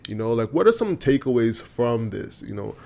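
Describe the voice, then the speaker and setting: A man's voice: mid-range voice, sing-song, moderate pace, creaky, mellow. A man hosting a podcast, talking casually with slang while guiding the conversation. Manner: casual, uses slang, steers the talk. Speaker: podcast host. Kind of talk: casual chat.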